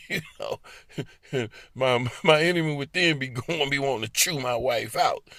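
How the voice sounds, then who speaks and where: A man's voice: medium pitch, moderate pace, sharp tone, no room sound, studio quality. A man with a Baltimore accent telling casual personal stories to the listener, laughing often as he acts out the voices in his head. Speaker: speaker sharing personal stories. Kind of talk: casual storytelling monologue.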